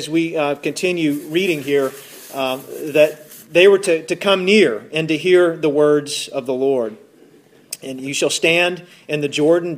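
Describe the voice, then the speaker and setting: A man preaching a sermon as pastor, talking in a conversational way and often repeating words as he goes. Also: on the high side. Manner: acts out listeners' voices in his retelling.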